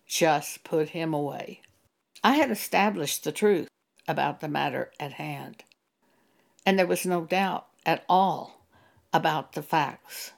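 A woman delivers an earnest sermon-style testimony, quoting scripture in an unhurried, deliberate way. Her voice sits lowish with a gravelly edge, and she takes her time over every phrase. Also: a little mellow.

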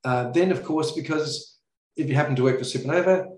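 A man's voice: on the high side, brisk, a little mellow, a little hiss or hum. A man with an Australian accent, a podcast guest who talks casually and tells stories with frequent restarts. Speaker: podcast guest, comic art collector. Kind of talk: casual chat. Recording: echoey room.

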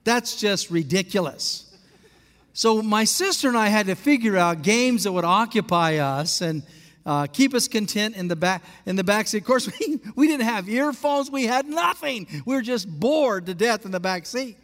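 High-voiced male pastor in a reverberant hall. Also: moderate pace. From Alaska. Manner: animated storyteller, asks the congregation questions. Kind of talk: storytelling sermon.

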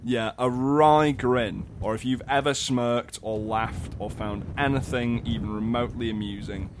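A man with a northern English accent co-hosting a comedy podcast, given to loud mock-outraged rants. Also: medium pitch, steady tone, a little slow, background noise. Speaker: podcast co-host. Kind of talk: casual comedy chat.

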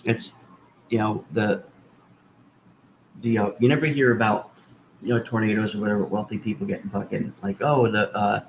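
A man's voice: fairly low pitch, fairly even intonation, normal speed, vocal fry, long pauses, noisy background. A man co-hosting a casual podcast, trading sarcastic, profane wisecracks. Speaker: podcast co-host. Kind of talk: casual chat.

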